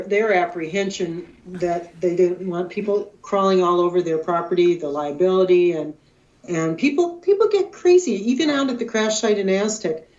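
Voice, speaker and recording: Middle-aged woman guest, emotional storyteller, mid pitch, lo-fi call audio. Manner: emotional, excitable, quoting herself. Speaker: guest researcher. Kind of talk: animated storytelling interview.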